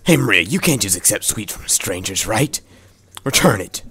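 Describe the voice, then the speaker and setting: A man voicing a short-tempered mother in a visual novel, scolding in his own low voice. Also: sing-song, normal speed, sharp tone, slightly rough, dry recording, exaggerated voice. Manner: scolding, exasperated.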